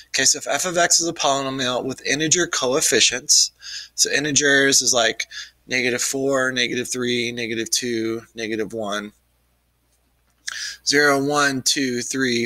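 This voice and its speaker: A man's voice: medium pitch, pushed and bright, no room sound, rough recording. A man who has lost his voice gives a casual recorded math lesson, explaining offhandedly with many ums. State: losing his voice. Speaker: math teacher.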